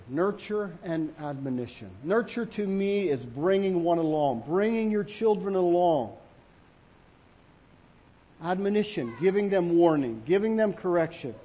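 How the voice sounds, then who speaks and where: A man's voice: high-pitched, warm tone. Earnest man preaching a sermon. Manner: halting, earnest, many restarts and fillers. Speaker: pastor.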